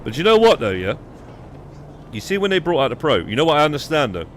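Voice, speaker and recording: A man's voice: on the high side, big pitch swings, fast, slight background noise. Rambling, foul-mouthed British gamer man. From United Kingdom. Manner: rambling, swears freely, many restarts. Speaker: live streamer. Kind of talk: casual gaming stream chat.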